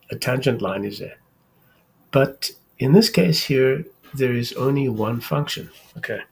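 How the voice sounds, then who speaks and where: A man hosting his own math channel, giving a halting whiteboard lecture and checking in with "okay?" again and again. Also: mid-range voice, gravelly, darkish tone, a little hiss or hum. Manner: slow, halting, repeats words, says "okay?" often.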